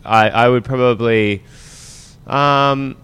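A man's voice: medium pitch, fairly even intonation, slow, a bit bright, clear, resonant tone. A man from Australia with an Australian accent, a musician guest on a radio show, joking in a laid-back way. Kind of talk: casual radio interview.

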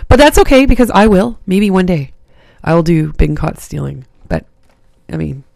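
A radio DJ, hoarse today, rambling in casual on-air chat and acting out their own thoughts with a self-mocking tone. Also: medium pitch, sing-song, normal speed, a little mellow, dry recording, studio quality. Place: campus radio studio.

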